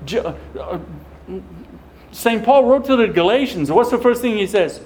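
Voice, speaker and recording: Animated folksy deacon. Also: male voice, extremely high pitch, moderate pace, a little hiss or hum, poor audio. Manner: folksy, animated storyteller who acts out quotes. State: tearful at times. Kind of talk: storytelling talk to a parish audience.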